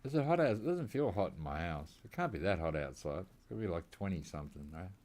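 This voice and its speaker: A man's voice: low voice, lively intonation, fast, a little mellow. An Australian man streaming from home, giving laid-back, rambling gameplay commentary and chuckling often. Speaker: game streamer.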